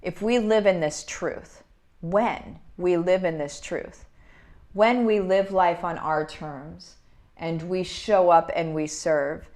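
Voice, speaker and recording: A woman, hosting a casual livestream from home and warmly greeting viewers by name. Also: lowish voice. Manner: upbeat, greets viewers by name, talks to her dog. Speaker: business coach hosting a livestream. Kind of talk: casual livestream chat reading comments.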